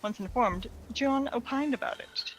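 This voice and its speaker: A let's play voice reading fan fiction aloud in a casual, unpolished way, sometimes stumbling over words. The pitch sits in a middle range. The recording carries a clear layer of background noise. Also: normal speed, a bit bright, poor audio. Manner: reads with stumbles and self-corrections.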